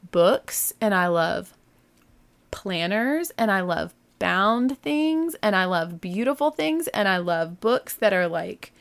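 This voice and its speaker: A chatty woman talks straight to her listeners in a relaxed, rambling way. She gushes about things she loves and fills her talk with asides and little fillers, like a friend catching up over coffee. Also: mid-range voice. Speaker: podcast host. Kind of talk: casual solo chat.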